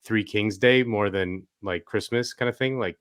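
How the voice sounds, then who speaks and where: A man's voice: on the low side, moderate pace, fairly bright tone, smooth. Rambling conversational male co-host. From Spain. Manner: rambling and conversational, many fillers and asides. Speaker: podcast co-host. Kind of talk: casual political chat.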